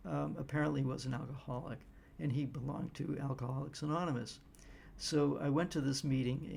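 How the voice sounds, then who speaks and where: Gravelly-voiced American man, rambling commentary. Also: medium pitch, a little mellow. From United States. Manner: rambling, with frequent fillers and restarts. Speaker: political commentator. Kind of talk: casual political monologue.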